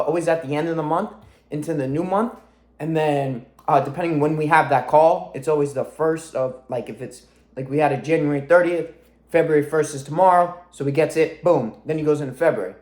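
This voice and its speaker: A man's voice: on the high side, a little mellow, roomy sound. A man in his twenties, a fitness coach, giving an intense, profane motivational vlog monologue from his room at home. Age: 20s. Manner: intense, profane, self-driven.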